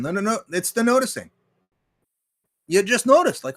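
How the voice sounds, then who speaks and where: A man's voice: high-pitched, sing-song, normal speed, long pauses. A man hosting a livestream, ranting bluntly and profanely, and reading viewer messages aloud. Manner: reads viewer chat aloud. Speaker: livestream host. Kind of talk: casual ranting commentary.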